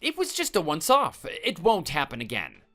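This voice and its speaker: A man's voice: on the high side, wildly swooping pitch, moderate pace, fairly bright tone, soft background music, pitched above the performer's own voice. A man voicing a cowardly bullying ex-husband who stammers and pleads. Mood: apologetic. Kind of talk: text message story voice.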